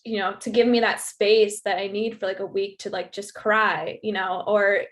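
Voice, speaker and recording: Halting, chatty woman podcast guest. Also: medium pitch, level tone. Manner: halting, full of "like" and "um". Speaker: podcast guest, retreat host. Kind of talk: casual conversation.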